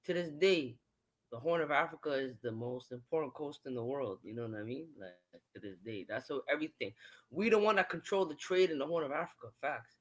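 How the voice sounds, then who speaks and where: A young man, making his points in a measured but insistent way. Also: medium pitch, rough recording. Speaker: panel speaker. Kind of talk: casual debate.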